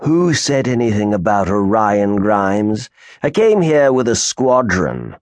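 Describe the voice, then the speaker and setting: A man's voice: fairly low pitch, very animated, slow, darkish tone, dry recording. A man voicing a supercilious, sneering male naval officer in an audiobook. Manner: sneering, condescending.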